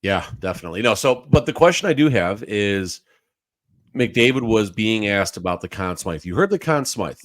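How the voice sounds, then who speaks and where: A man's voice: on the low side, expressive, normal speed, a bit bright. A man co-hosting a casual sports podcast, bantering and teasing his partner. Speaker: podcast co-host.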